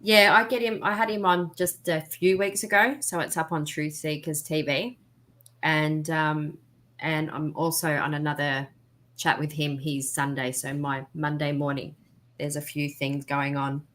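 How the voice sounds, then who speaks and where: Woman, guest podcaster; deep for a woman, talkative, animated. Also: unhurried. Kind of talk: casual chat.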